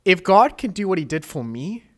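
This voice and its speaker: A young man with a fairly high voice tells a faith testimony on a podcast. He speaks earnestly and with animation, acting out the prayers he recalls. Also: normal speed. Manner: earnest, animated storytelling, quoting prayers aloud. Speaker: podcast host. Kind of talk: emotional testimony in a casual chat.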